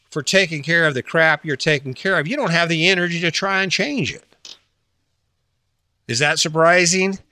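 A man's voice: a little high, normal speed, pauses often, sharp tone, no echo. A man giving a casual motivational talk, blunt and full of rhetorical questions, with some swearing and mocking quoted voices.

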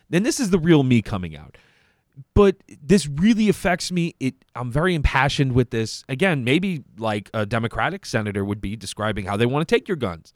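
A man's voice: mid-range voice, sing-song, brisk, no room sound, clean studio sound. A man, hosting a podcast and giving heated, profane, sarcastic commentary on clips. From New York. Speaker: podcast host.

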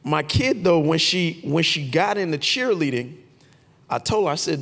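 A man preaching a lively, conversational sermon, shouting out his key points. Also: a little high, moderate pace, vocal fry, in a large hall. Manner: animated and conversational, with shouted emphasis. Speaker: pastor.

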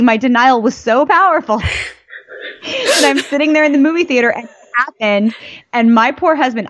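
A woman telling stories in casual fan chat, animated and emphatic, her voice jumping up for emphasis. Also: on the high side, no echo. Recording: dull lo-fi dry mic.

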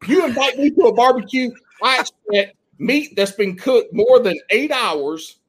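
A man from South Carolina with a Southern accent, swearing freely as he tells loud, animated stories as a podcast guest. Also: very high voice, measured pace, slightly rough. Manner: loud, animated storytelling with heavy swearing and drawled Southern slang. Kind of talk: profane casual banter.

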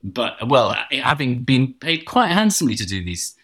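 A man's voice: medium pitch, very animated, moderate pace, fairly bright tone, husky. A middle-aged man from England with a posh English accent, telling long, wry anecdotes in a casual chat, full of restarts. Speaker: guest.

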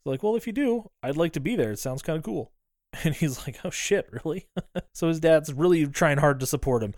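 A man's voice: fairly high pitch, brisk, darkish tone, no room sound, clean studio sound. Man animatedly recapping a movie. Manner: retells scenes acting out lines, laughs often, swears. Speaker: podcast co-host. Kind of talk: casual movie recap chat.

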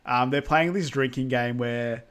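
A man's voice: mid-range voice, measured pace, fairly bright tone, smooth. A man casually recapping a film on a podcast, easygoing and hesitant, with many ums. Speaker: podcast co-host.

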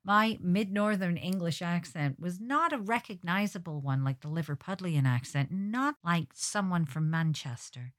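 A woman's voice: on the low side, expressive, a little slow, no room sound, studio quality. A woman hosting her own podcast, telling funny stories in a wry, scripted way, with hard-sounding g's at word ends. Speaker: podcast host.

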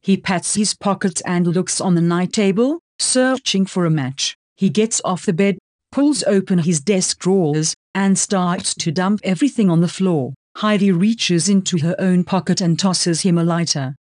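Low-voiced woman narrating an audiobook. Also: measured pace, a little mellow, no echo, studio quality.

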